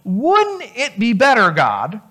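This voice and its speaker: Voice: medium pitch, wildly swooping pitch, slow pace, sharp tone, heavily acted. A preacher voicing a nervous disciple who pleads and questions God's plan in disbelief. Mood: anxious doubt. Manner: incredulous, pleading.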